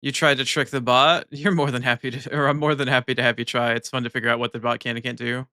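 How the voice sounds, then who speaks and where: Bright-voiced American man chatting on stream. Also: medium pitch, level tone, fast, smooth, no echo, studio quality. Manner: chatty, reads chat aloud, laughs often. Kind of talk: casual live-stream chat.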